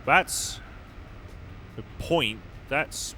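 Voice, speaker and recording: Game music and revving cars fill the background as a young gaming YouTuber plays a racing game, making wry, casual remarks and talking to his live chat. His mid-range voice swings widely in pitch, and he takes his time.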